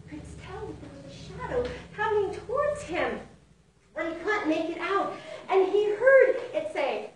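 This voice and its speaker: A woman preacher telling a fable in a sermon, with expressive, dramatic storytelling and big swings in loudness. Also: very high-pitched, normal speed. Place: fellowship sanctuary. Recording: echoey hall from far off, faint noise.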